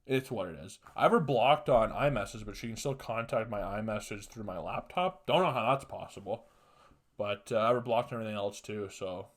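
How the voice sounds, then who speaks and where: Profane, ranting male podcast host. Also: fairly low pitch. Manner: profane, ranting, with loud emphatic bursts. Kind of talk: casual solo podcast monologue.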